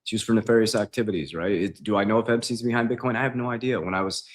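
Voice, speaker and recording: A man with a deep, low voice hosts a relaxed livestream from his kitchen. He talks loosely and conversationally, often tossing in "man," and reads viewer questions aloud before answering them off the cuff. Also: racing. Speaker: investing coach. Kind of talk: casual livestream Q&A. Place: home kitchen.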